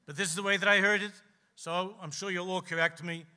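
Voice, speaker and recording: A man, a rabbi preaching to a gathering, telling stories with passion and slowing down for emphasis. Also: fairly even intonation. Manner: impassioned storytelling, slows for emphasis, drops low and quiet at key lines. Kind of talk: sermon at a gathering. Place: live event hall.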